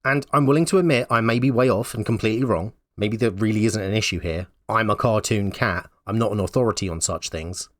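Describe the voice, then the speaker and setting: A man's voice: lowish voice, brisk, few pauses, no echo, clean studio sound. A man giving blunt, wry opinion commentary in a conversational way. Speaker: YouTube commentator.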